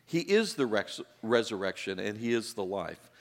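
A man preaching a sermon in a relaxed, conversational way, with joking asides and repeated words. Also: on the low side, moderate pace. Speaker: pastor. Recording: long reverb in a large hall.

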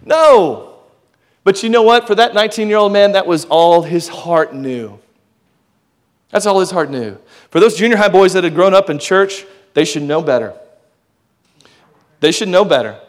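High-voiced man preaching a lively sermon. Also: normal speed, pauses often. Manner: lively preaching with call-and-response, sometimes shouting. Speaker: youth pastor.

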